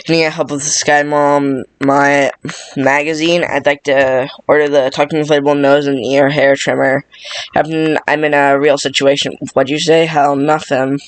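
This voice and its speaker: A man racing through a full movie script read-through in a monotone, tripping over words and restarting lines. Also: a little high, normal speed, clean tone, no room sound.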